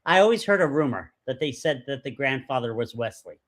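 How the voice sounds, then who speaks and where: An animated man riffs on a beloved movie as a podcast co-host, tossing out jokes and trivia. His voice is bright, and his pitch rises and falls freely. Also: brisk. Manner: animated, joking, shares trivia. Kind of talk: casual movie discussion.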